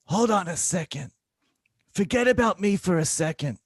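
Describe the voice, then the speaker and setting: A woman's voice: lowish voice, animated, moderate pace, husky, no echo, clean studio sound, pitched above the performer's own voice. A man voicing a feisty woman in her eighties, a blunt former dancer and cancer patient. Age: 80s. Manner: blunt, brassy, teasing.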